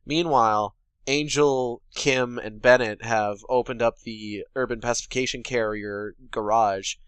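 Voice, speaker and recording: A man's voice: mid-range voice, fairly even intonation, a little slow, fairly bright tone, clear, resonant tone, dry recording. A man co-hosting a podcast, casually and sarcastically recapping a film's plot with lots of swearing and mock quotes. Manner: sarcastic, profane, paraphrases characters in quotes. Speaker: podcast co-host.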